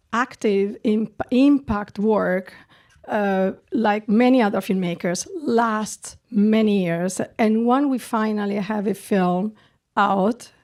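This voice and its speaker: A woman's voice: medium pitch, a little mellow. A woman from Italy speaks English with a strong Italian accent. She is middle-aged and earnest, and she often restarts phrases as she answers questions at a festival. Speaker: film director.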